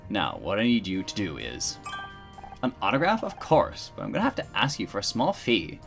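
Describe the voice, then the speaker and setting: A man's voice: on the low side, wildly swooping pitch, moderate pace, creaky, fairly bright tone, soft background music, heavily acted. A man voicing a vain young actress in a game, reading her lines in a chirpy, boastful way. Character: vain young female actress, self-promoting.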